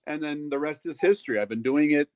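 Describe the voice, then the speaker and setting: Here a middle-aged man, who announces in the wrestling ring, guests on a casual interview and tells stories at a fast clip. His pitch is fairly high, his tone on the dark side, and there's no echo; he's talkative, voices the people he quotes, and fills gaps with lots of filler words.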